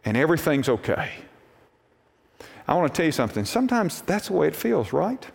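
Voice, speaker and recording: Folksy preacher in a reverberant church. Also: male voice, fairly high pitch, sing-song, fast talker, gravelly, darkish tone. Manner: folksy storytelling preacher, acts out voices in quotes. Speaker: pastor. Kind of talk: sermon. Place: church sanctuary. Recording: long reverb of a church hall.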